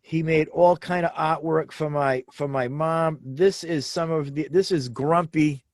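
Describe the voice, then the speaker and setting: Animated storytelling man, slightly high. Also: a little slow, dry recording. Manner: animated, repeats words for emphasis. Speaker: co-host. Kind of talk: casual chat, storytelling.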